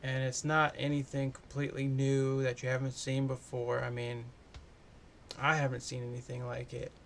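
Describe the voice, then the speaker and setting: A man's voice: medium pitch, completely flat delivery, normal speed, creaky, a little hiss or hum. A man doing a casual, chatty movie review, loose and full of swearing.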